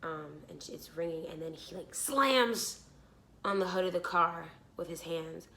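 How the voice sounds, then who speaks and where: A woman's voice: lowish voice, measured pace, a crowd in the background. A young woman vlogger animatedly retelling a frightening story, swearing freely and talking breathlessly. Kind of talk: storytime vlog.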